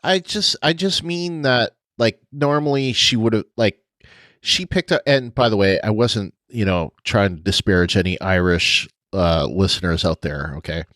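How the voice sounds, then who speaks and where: A man's voice: fairly low pitch, moderate pace, fairly bright tone, dry recording. A man co-hosting a podcast in casual chat, rambling through his point with frequent restarts and laughs. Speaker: podcast co-host.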